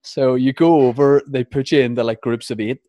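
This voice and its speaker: A young Northern Irish actor in casual chat, self-deprecating and often laughing. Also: male voice, medium pitch, fairly even intonation, brisk, mellow, no echo. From Northern Ireland.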